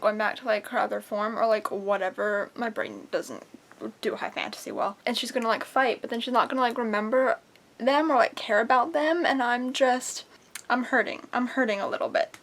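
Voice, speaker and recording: A young woman chatting in a casual reading vlog at home, excitable and chatty, swearing casually. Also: fairly high pitch. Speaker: book vlogger. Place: at home, indoors.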